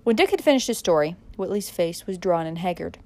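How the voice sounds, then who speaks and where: A woman narrating a dramatic audiobook in a measured way, pressing harder in tense moments. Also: lowish voice, lively intonation, dark tone.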